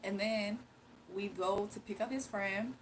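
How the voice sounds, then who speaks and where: A woman's voice: medium pitch, a little slow, slight background noise, low-quality recording. A tired young woman casually telling a rambling personal story on her livestream. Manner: rambling, slangy, confiding. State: sleepy and tired. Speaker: livestream host.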